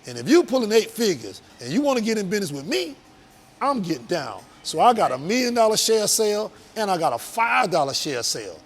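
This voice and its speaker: Man, high voice, earnest business guest, motivational and emphatic. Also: sing-song, fairly quick. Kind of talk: casual interview talk.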